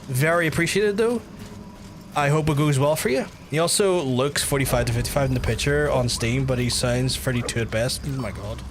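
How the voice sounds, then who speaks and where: A gaming streamer talks to chat in a casual livestream, rambling and swearing often. His medium-pitched voice runs a little fast, with background noise and game music behind him.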